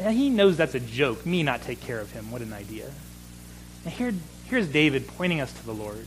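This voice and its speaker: A man's voice: a little high, fairly bright tone, a little hiss or hum, poor audio. A man in his thirties preaching a sermon as pastor, earnest, building emphasis with repeated phrases.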